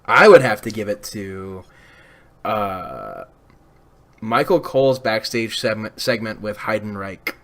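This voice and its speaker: A man co-hosting a casual podcast with a lively voice that climbs and dips freely. He jokes around, laughs a lot and rides each bit hard. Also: fairly low pitch, slow. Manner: joking, animated, laughs often. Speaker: podcast co-host. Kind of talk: casual chat.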